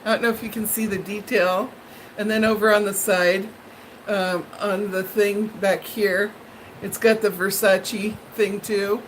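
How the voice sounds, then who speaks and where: A woman hosting a live stream, telling viewers a story in a dramatic, animated way and laughing often. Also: mid-range voice, measured pace, slight background noise, rough recording.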